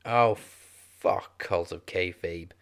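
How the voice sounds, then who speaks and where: A man's voice: low voice, slow pace, a bit bright. A man co-hosting a casual wrestling podcast, joking and teasing. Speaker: podcast co-host.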